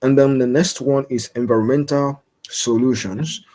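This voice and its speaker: A young Nigerian man gives an informal science lecture as a guest, explaining things step by step with lots of fillers and restarts. His warm, medium-pitched voice keeps a fairly even intonation at a moderate pace.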